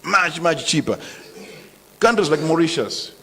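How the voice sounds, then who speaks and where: A man's voice: a little high, lively intonation, measured pace, fairly bright tone, slight background noise. A middle-aged Malawian man, a trade minister giving a defiant, emphatic press statement that mixes local words into his English. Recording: long hall reverb.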